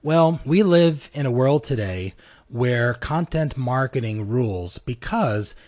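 A man's voice: medium pitch, animated, slow pace, darkish tone. A man with a mid-range voice hosts an advice podcast in an easy, conversational way. He fills his talk with ums and you-knows, and now and then acts out little exchanges to make his point. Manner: conversational, many fillers, acts out little dialogues. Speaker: podcast host. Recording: live program.

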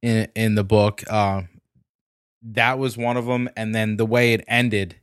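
A man's voice: lowish voice, fairly even intonation, a little slow, fairly bright tone, smooth, no room sound, studio quality. A man in casual podcast chat, telling a story and giving blunt opinions.

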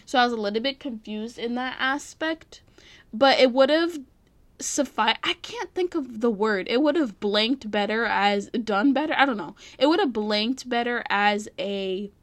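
A woman's voice: on the high side, lively intonation, measured pace, a bit bright, dry recording. A young adult woman giving a casual review vlog, rambling, easily distracted and often stopping to correct herself.

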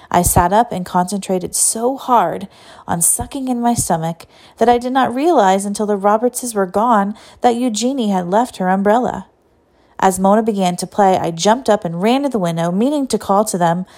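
A woman's voice: mid-range voice, warm tone. Woman reading a story aloud. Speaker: audiobook narrator. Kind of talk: scripted storybook narration.

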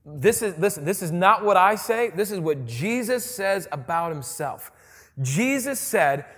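A man's voice: high voice, lively intonation, unhurried, fairly bright tone. A man preaching a sermon as a pastor, casual and joking in a conversational way. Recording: long hall reverb.

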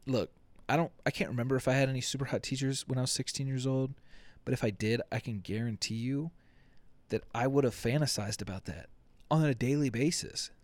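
A man's voice: medium pitch, brisk, darkish tone, no room sound. Man, young adult, solo podcast host, profane, jokey, rambling, dead-dry recording. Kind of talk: casual solo podcast rant.

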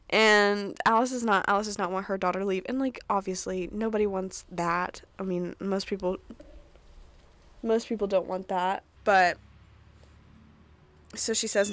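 Young woman, casual solo recap host, chatty and sweary, mid-pitched voice, dry recording. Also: fairly even intonation, fairly bright tone, dry recording. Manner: chatty, swears often, laughs a lot, quick asides. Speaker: podcast host recapping a TV episode.

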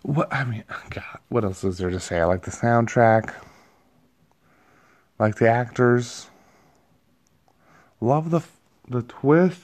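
A man's voice: lowish voice, measured pace, gravelly, pauses often, a little mellow. A man giving a rambling, profane, self-amused movie review in a casual vlog. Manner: rambling, profane, laughs at himself.

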